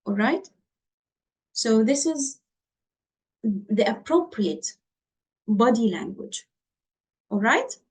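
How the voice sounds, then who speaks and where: A medical exam tutor teaches doctors in an online lesson through a computer mic, speaking slowly and repeating her points while checking in with her listeners. Her voice is on the high side and expressive.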